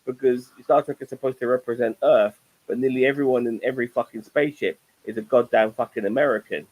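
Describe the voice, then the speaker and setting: A man's voice: mid-range voice, fast, poor audio. A middle-aged man hosting a casual TV review chat show, rambling and swearing freely. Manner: profane, rambling, animated.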